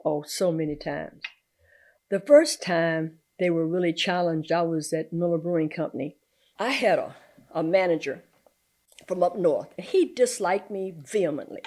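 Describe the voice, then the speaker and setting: An older community activist from the American South tells workplace stories in an interview, her lowish voice at a moderate pace. She's an animated storyteller who laughs often as she goes.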